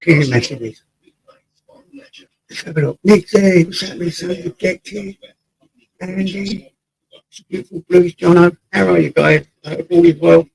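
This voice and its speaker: A man's voice: sits high, a little slow, vocal fry, long pauses, darkish tone, slightly rough, no room sound, poor audio. An English man hosting a casual live stream from home, greeting viewers by name and reading the chat aloud, sometimes drifting away from his desk mic. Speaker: livestream host. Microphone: desk mic, sometimes off-axis.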